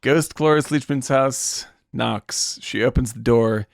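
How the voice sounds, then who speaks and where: A man's voice: mid-range voice, unhurried, gravelly, dry recording, clean studio sound. A man co-hosting a film podcast who retells scenes vividly, with casual swearing. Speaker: podcast co-host.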